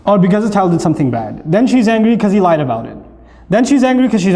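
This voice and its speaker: A man giving a humorous, animated talk about parenting, acting out scenes in different voices. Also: sits high, quick pace, in a large hall.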